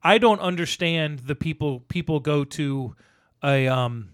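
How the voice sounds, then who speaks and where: Male podcast co-host, middle-aged, slightly high voice, rambling casual storyteller. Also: measured pace. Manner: rambling, animated storyteller, acts out quotes. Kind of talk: casual movie chat.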